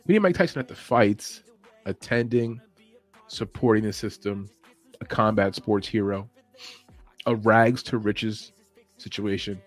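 A man's voice: fairly low pitch, unhurried, long pauses, soft background music. Rambling opinionated man hosting a podcast. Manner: rambling, opinionated, chuckles often. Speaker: podcast host. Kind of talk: casual opinion chat.

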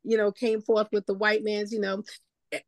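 A woman's voice: mid-range voice, little pitch movement, moderate pace, no room sound. A woman pastor sharing her view in a class, talking it through conversationally with many fillers. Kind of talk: discussion contribution.

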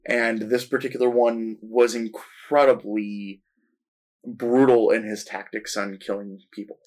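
A man with a lowish voice talking slowly and deliberately on a casual movie podcast. He sums up a plot in a dry, measured manner. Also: flat delivery, darkish tone. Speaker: podcast co-host. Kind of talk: casual film review chat.

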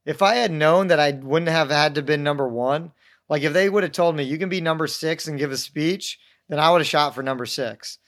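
Man, young adult, casual storytelling, self-mocking, slightly high pitch. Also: fairly quick, a bit bright. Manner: rambling, self-mocking, acts out quoted voices. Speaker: podcast guest telling stories.

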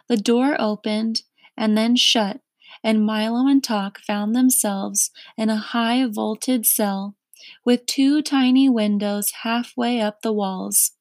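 A woman reads a children's storybook aloud at an unhurried, careful pace. Her mid-range voice comes across close and dry, with no room sound around it. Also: mid-range voice, little pitch movement, no echo. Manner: slow, careful narration. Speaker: reader.

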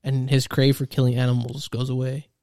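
A man's voice: mid-range voice, level tone, dark tone, clear, resonant tone, dry recording, clean studio sound. A man in casual chat, talking loosely and saying "dude" often. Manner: quick, loose, says "dude" a lot.

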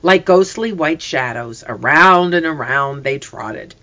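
A narrator reads a storybook aloud and plays out the lines with feeling. The voice is bright and moves widely in pitch. It sits at a middle height. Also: unhurried, lo-fi sound. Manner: expressive, reads characters' voices.

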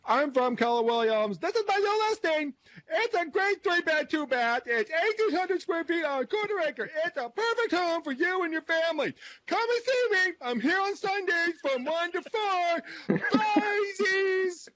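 A woman's voice: extremely high pitch, animated, unhurried, fairly bright tone, dry recording, dull audio, pitched above the performer's own voice, full character voice. A screechy, sing-song real estate agent woman. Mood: mocking shrill. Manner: screechy, sing-song, over-the-top parody. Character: stiff, shrill female real estate agent.

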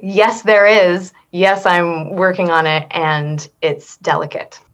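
A woman's voice: on the low side, steady tone, slow. A middle-aged woman talking as an interview guest, thoughtful and earnest, with frequent restarts. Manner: thoughtful, earnest, with many restarts and soft laughs. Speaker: guest, accent performer. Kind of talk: reflective interview conversation.

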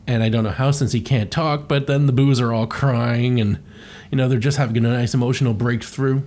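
A man recaps a cartoon in loose, rambling chat. He swears freely and laughs often. His pitch sits in the middle. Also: fairly even intonation, fairly quick, a little mellow. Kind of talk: casual comedic recap.

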